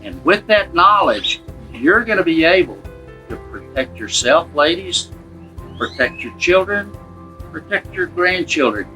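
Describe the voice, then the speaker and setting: A former detective addresses his audience in a bright, somewhat high voice. He tells stories with energy and acts out the people he quotes. Faint music plays behind him. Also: big pitch swings, a little slow, low-quality recording. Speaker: retired detective and author. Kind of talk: promotional talk addressed to an audience.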